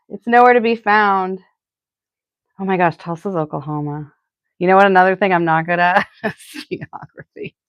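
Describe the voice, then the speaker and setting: A woman's voice: deep voice, no room sound, lo-fi sound. A middle-aged woman with a Boston accent, chatting casually and rambling with lots of fillers while she hosts a live crafting stream. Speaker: florist hosting a live stream.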